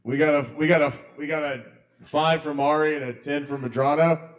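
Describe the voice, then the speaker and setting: A man's voice: fairly high pitch, fairly even intonation, fairly quick. A man hosting a live poetry open mic, calling up performers in a loose, chatty way. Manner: loose, chatty, lots of ums and calling out names. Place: kava bar open mic.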